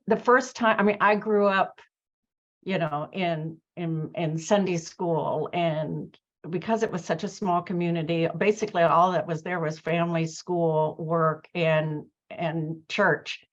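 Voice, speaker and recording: A woman's voice: fairly low pitch, steady tone, unhurried, muffled recording. A woman hosting a conversation who tells a personal story, reflective and full of fillers and restarts. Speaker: host. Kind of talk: conversational interview chat.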